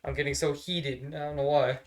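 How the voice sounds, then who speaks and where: A man's voice: on the high side, flat delivery, a little fast. Profane, rambling male streamer. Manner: rambling, profane and easily exasperated. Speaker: streamer ranking characters on a tier list. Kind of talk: casual live-stream chat.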